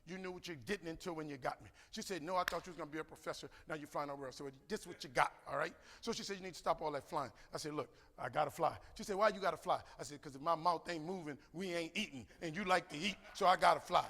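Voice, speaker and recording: A man's voice: a little high, very fast, few pauses. A man giving a motivational keynote, telling stories and acting out both sides of a conversation. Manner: animated, preacherly, acts out both sides of a dialogue. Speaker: keynote speaker. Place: large conference hall. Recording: echoey hall with long reverb.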